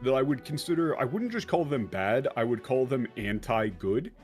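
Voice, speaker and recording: A man chatting as a guest on a game reaction stream, joking and quick to mimic lines. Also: mid-range voice, lively intonation, soft background music. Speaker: guest translator. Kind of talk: casual game reaction chat.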